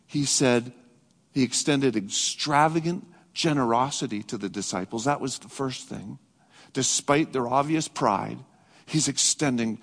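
A man preaching a sermon as pastor, earnest, rising to emphatic peaks and dropping to soft reflective passages. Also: on the high side. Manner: earnest, swings between raised emphatic and soft reflective delivery. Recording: long hall reverb.

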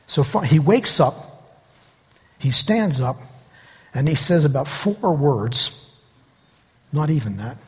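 A man with a husky, somewhat high voice delivers a sermon, animated as he retells stories and briefly acts out the voices in them. His words ring out with a long reverb, as in a large church hall. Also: a little slow. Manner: animated storytelling, acting out quoted voices. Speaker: pastor.

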